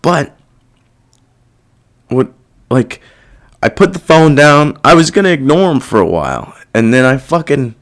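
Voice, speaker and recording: Young adult male podcast host, casual confessional monologue, profane and rambling, animated pitch. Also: measured pace, long pauses. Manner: profane, rambling, self-reflective.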